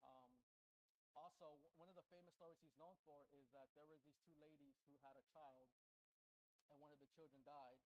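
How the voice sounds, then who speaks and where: A man's voice: fairly high pitch, steady tone, a little fast, slight background noise, low-quality recording. A man preaching a casual sermon in a church, chatty and loose, often checking in with the congregation. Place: church sanctuary indoors.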